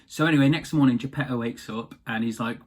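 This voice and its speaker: Male, loose chatty retelling, average pitch. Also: fast talker. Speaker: storyteller. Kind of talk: casual retelling of a story.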